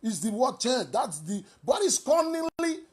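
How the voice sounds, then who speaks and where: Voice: high voice, big pitch swings, a little slow. A speaker with a Nigerian accent giving fiery political commentary as a talk show host, asking rhetorical questions and repeating phrases for emphasis.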